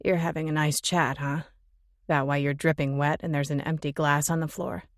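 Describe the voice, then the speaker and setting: A woman's voice: low voice, little pitch movement, moderate pace, no room sound, studio quality, voice pushed down. A woman voicing a blunt, mocking young male rock musician who needles his bandmate. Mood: needling. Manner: scoffing, needling.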